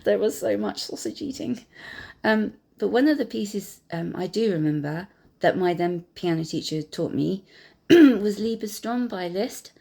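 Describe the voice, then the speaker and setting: A woman and piano teacher gently recalling her own learning, talking hesitantly with many pauses and fillers. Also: mid-range voice, expressive, gravelly, husky. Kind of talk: reflective personal storytelling. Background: piano music.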